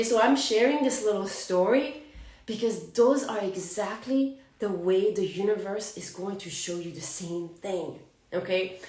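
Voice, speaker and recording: A woman's voice: fairly high pitch, a little mellow. Laughing French-accented woman in her forties. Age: 40s. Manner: chatty, laughs often between thoughts. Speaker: astrology channel host. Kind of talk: casual spiritual talk to viewers. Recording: roomy, from a distance to the mic.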